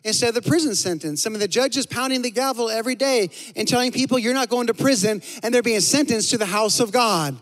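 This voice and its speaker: A man preaching a sermon as a pastor, telling a story animatedly, dropping to a hush and then rising loud. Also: extremely high pitch, quick pace, hardly any pauses. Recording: long hall reverb.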